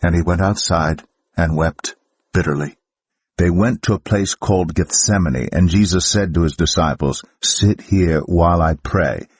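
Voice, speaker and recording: A man narrating scripture aloud for a church in a steady, measured way. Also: deep voice, husky, no room sound. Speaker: Bible reader. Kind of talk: scripture reading.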